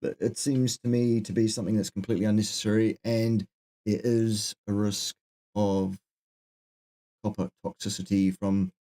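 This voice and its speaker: A man's voice: fairly low pitch, level tone, moderate pace, mellow. A middle-aged man co-hosting a live question-and-answer chat, who gives dry, joking answers and drifts into asides. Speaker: co-host answering viewer questions.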